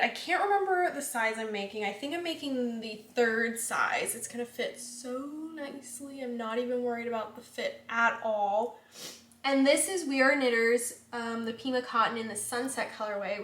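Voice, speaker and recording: A woman's voice: fairly high pitch, normal speed, a bit bright. Chatty young woman in an echoey room. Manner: chatty and rambling, many likes and ums. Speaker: knitting podcast host. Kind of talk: casual chat.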